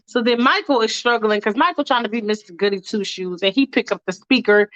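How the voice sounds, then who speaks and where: A woman's voice: a little high, a little fast, fairly bright tone. A woman from New York, a podcast host telling a freestyle story in a chatty, sassy way with plenty of cursing. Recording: dull lo-fi dry recording.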